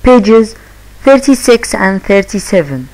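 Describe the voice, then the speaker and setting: Slow, lively-voiced woman teaching phonics. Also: medium pitch, low-quality recording. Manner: slow, drawn-out repetition of sounds and words. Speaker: English teacher. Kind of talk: phonics lesson for young children.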